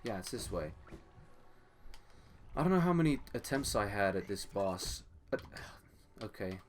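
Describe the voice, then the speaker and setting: A man's voice: fairly low pitch, big pitch swings, measured pace, slight background noise. A young man rambling through live gameplay commentary, talking to himself and to his chat. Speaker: game streamer.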